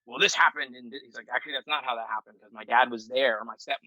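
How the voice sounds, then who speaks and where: A middle-aged Marine veteran telling a story as a podcast guest in a loose, profane, rambling way with many fillers. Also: male voice, medium pitch, fairly even intonation, fast talker, sharp tone, no echo, poor audio. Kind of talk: casual storytelling.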